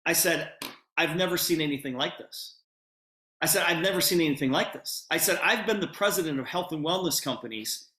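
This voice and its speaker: A man on a video call tells a sales story and acts out both sides of the conversation. His voice is bright and forceful, and it rings in an echoey room. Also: fairly high pitch. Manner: retells conversations, voicing both sides of the dialogue. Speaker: presenter at an online business opportunity meeting.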